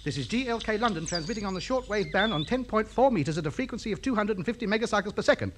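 A man's voice: high-pitched, lively intonation, rapid-fire, a little hiss or hum. An actor playing a pompous, indignant male lodger who chatters about his radio hobby in a radio comedy. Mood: chattering.

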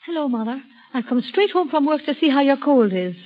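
An actress playing a dutiful daughter coaxing her mother in a comic sketch, brisk and patient. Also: sits high, expressive, muffled recording. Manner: brisk, coaxing comic straight-woman delivery.

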